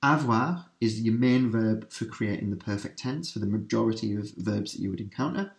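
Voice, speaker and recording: A male teacher running a revision lesson. His voice sits a little low, and he keeps stressing words by repeating them. He slows right down whenever he says a French example. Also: creaky. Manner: repeats key words for emphasis, breaks into slow French examples.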